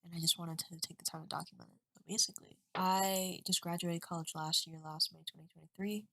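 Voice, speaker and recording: Woman, 20s, low voice, bright tone, dry room, webcam vlog, rambling and candid. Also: level tone, brisk, gravelly, dry recording, poor audio. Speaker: vlogger.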